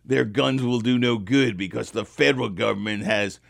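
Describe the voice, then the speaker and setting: A man's voice: mid-range voice, normal speed, creaky, no echo, studio quality. A man on a talk panel, giving his opinion in a fired-up, emphatic way and repeating words when he gets worked up.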